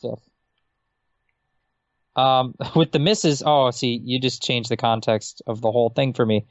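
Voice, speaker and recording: A man's voice: mid-range voice, fairly even intonation, measured pace, dry recording, lo-fi sound. Easygoing man, dry close sound. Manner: easygoing, chuckles while talking. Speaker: podcast guest. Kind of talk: casual podcast chat.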